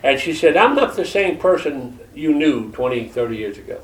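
An older man with a Georgia drawl preaches, drifting through stories with plenty of uhs and restarts. His voice sits a bit high. He is picked up from a distance in a roomy, echoing church hall. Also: big pitch swings. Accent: Southern US, Georgia. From Detroit. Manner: folksy storyteller, halting with many fillers. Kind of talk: sermon testimony. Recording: echoey room from far off.

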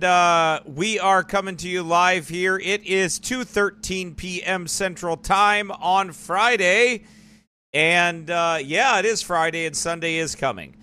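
Man, church livestream host, fairly high and forceful voice, rambling casual talk. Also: clean tone. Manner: rambling, digressive. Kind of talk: casual live-stream commentary.

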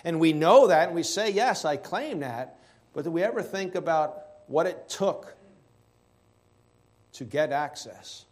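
A man preaching a sermon, stressing key words slowly and asking rhetorical questions. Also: a little high, darkish tone.

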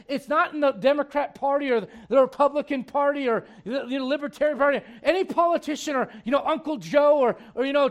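A man preaching a sermon, shifting between quick asides, mimicked voices of churchgoers, and low, slow scripture reading.

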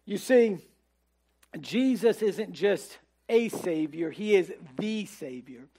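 A man preaching a sermon in a relaxed, conversational way, dropping to a soft hush on his key words. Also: sits high, takes it slowly. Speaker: pastor.

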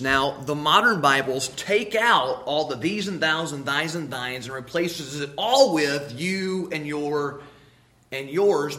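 Guy preaching a sermon, kinda sharp bright voice, hammers words over and over. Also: fairly high pitch. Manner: emphatic, repeats key words, rhetorical questions.

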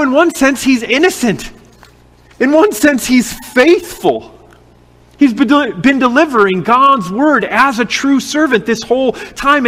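A man preaching an expository sermon in an earnest, measured way, posing rhetorical questions. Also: very high voice, a bit bright. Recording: long hall reverb.

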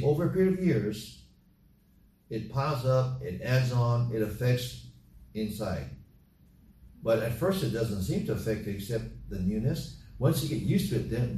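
Emphatic preacher, roomy distant sound. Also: male voice, mid-range voice, mellow, a little hiss or hum. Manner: repetitive, emphatic exhortation with acted-out party chatter. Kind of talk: sermon. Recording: roomy echo from off mic with faint ambience.

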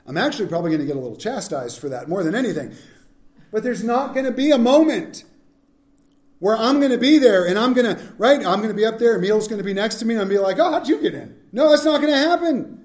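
Man, pastor, sermon, loud to hushed swings, reverberant room. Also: sits high, lively intonation, quick pace.

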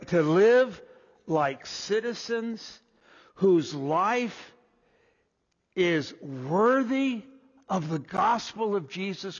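A man preaching a sermon as pastor, deliberate and restarting his first words. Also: high voice. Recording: dull lo-fi echoey hall.

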